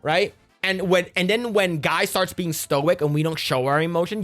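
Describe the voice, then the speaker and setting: A young man ranting in casual reaction commentary, profane and animated, sometimes quoting friends in put-on voices. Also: sits high, normal speed, hardly any pauses, faint music behind.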